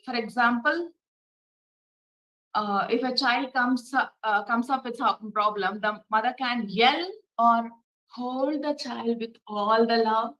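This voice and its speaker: A woman giving a spiritual talk as a meditation teacher, asking gentle rhetorical questions and guiding a short meditation. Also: fairly high pitch, lo-fi sound.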